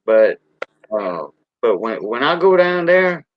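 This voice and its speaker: A man's voice: medium pitch, big pitch swings, slow, no room sound. An older man from South Louisiana with a Cajun accent, French his first language, hosting a casual livestream chat in a rambling, folksy way. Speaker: host. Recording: dull dry lo-fi sound.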